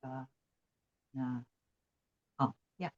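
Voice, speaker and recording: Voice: medium pitch, extremely slow, muffled recording. A student giving hesitant, tentative answers during a language lesson.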